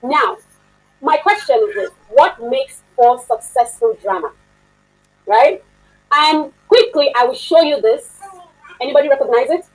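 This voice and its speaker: Woman instructor, slightly high voice, chatty online class lecture, quizzes her students. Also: measured pace, long pauses, low-quality recording. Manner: chatty, laughs often, asks the class questions. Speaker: workshop instructor.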